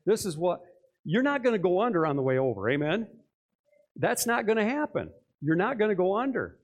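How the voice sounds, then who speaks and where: An older man preaching with a lively, swinging delivery and a slightly higher voice than most. He acts out little scenes and keeps tossing questions to the congregation. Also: normal speed. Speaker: pastor. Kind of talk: sermon.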